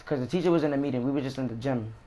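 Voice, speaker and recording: A young man casually telling a story about a school fight in slangy, animated street talk with swearing. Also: mid-range voice, rapid-fire. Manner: slangy, animated retelling with profanity.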